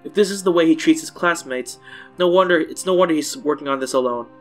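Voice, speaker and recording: A man's voice: fairly high pitch, quick pace, soft background music. Casual man reading a story aloud. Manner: casual, stumbles and corrects himself. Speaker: let's-play host. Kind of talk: reading a visual novel aloud.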